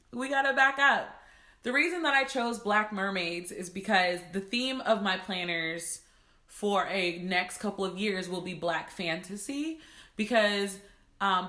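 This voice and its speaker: Bright-voiced woman vlogging in an echoey room. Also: medium pitch. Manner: emotional, laughing, fighting tears. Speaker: planner maker and content creator. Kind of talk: casual vlog talk to viewers.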